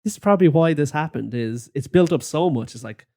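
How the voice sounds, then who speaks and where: A man co-hosting a football podcast in casual chat, laughing often and swearing in relaxed banter. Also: a little high, a little fast. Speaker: podcast co-host.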